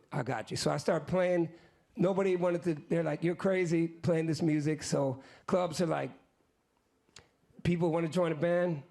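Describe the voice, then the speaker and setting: A musician guest in his fifties tells a long story live on stage, his gravelly, slightly husky voice sitting a bit high for a man. He talks in loose slang with occasional asides straight to the audience, animatedly mimicking the people in the tale and quoting their lines.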